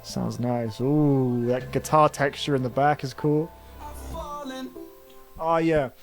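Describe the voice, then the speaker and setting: A young man reacting to an album in casual, excitable talk, full of slang, "like" and "man". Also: mid-range voice, slow, creaky, faint music behind. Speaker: music reviewer. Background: album playing faintly.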